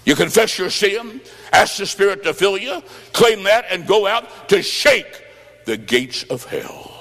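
High-voiced revival preacher in a big hall. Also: male voice, lively intonation, unhurried. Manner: dramatic, swings between quiet and shouted lines. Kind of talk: revival sermon with storytelling. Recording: long hall reverb.

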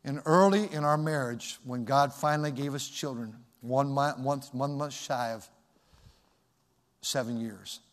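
A middle-aged man preaching from the pulpit, his voice at an ordinary male pitch. He speaks personally and conversationally, with pauses and restarts, and the sound trails off in a long church reverb. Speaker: pastor. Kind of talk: sermon.

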